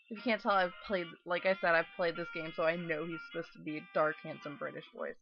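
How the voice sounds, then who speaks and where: Brief: woman gamer with a gravelly edge, reading story text and chatting, music under a dull recording. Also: lowish voice, fairly even intonation, fast, few pauses. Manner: chatty, wry asides between read lines. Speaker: let's play gamer reading a visual novel aloud. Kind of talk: reading game text aloud with casual commentary.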